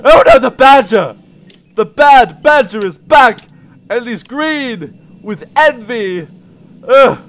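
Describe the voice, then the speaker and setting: Brief: manic high-voiced male puppet, slow and drawn out between screams, jittery game commentary. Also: expressive, background noise, heavily acted. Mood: frantic. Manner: shrieking and yelling, then sudden mumbles. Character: shrill frantic male puppet, jumpy and easily rattled. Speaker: let's play commentator.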